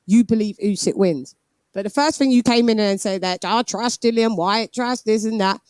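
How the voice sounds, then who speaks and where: Woman, host, blunt and mocking, dry close sound, mid pitch. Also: moderate pace, a little mellow, no room sound. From Britain. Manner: blunt, mocking, talks over the caller. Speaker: host of a boxing live stream. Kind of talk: heated live-stream argument.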